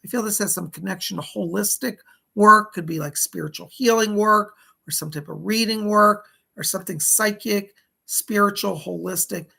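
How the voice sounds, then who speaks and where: Man, psychic medium, hoarse, gravelly, husky, chatty and folksy, live-stream readings. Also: sits high, moderate pace, pushed and bright, rough recording. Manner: chatty and folksy, thanking viewers by name. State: hoarse, losing his voice.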